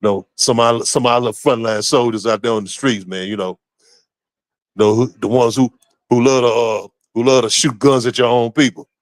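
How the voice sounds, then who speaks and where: A man co-hosts a talk radio show in a blunt, profane, conversational way, leaning on repeated filler phrases. His voice sits at a middle pitch and sounds dry and close, with no room echo. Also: steady tone, a little fast. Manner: blunt, profane, repeats "you know what I'm saying". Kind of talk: casual opinion talk.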